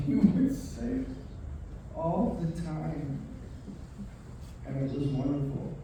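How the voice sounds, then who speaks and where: A man giving a memorial speech for his father, halting with pauses and restarts. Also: on the high side, sing-song, creaky, warm tone, slight background noise. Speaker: son giving a eulogy. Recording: echoey room from far off.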